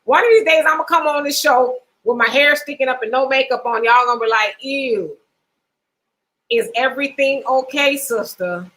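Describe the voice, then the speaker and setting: A woman's voice: high-pitched, quick pace, hardly any pauses, fairly bright tone, poor audio. A middle-aged woman hosting a casual live chat show, reading viewer comments aloud and laughing often. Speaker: host.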